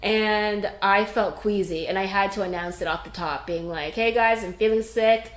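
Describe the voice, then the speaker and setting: A podcast co-host from Canada chats casually, telling a story with animated energy and acting out the lines she quotes. Her voice sits in a middle pitch range. The recording carries a noticeable echo from the room. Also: normal speed. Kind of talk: casual chat. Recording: echoey room.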